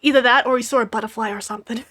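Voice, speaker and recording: A woman's voice: fairly high pitch, fairly even intonation, very fast, a bit bright. An Australian woman in her twenties, a game streamer reading a dating game aloud with giggly, wry asides. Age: 20s.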